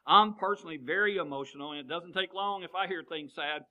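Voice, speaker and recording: A man's voice: fairly high pitch, fast talker, narrow, tinny audio. A man, preaching a sermon and asking the congregation one question after another. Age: 50s. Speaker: pastor.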